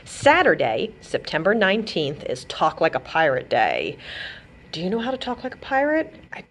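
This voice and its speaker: A woman librarian hosting a bedtime storytime for children, reading a rhyming picture book aloud in an animated, sing-song way. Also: on the low side, moderate pace.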